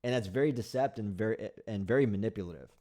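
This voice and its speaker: Talking very fast in a lowish, mellow voice, a man runs a casual live stream where he bluntly picks apart sayings and answers chat. His speech is repetitive, full of fillers and restarts.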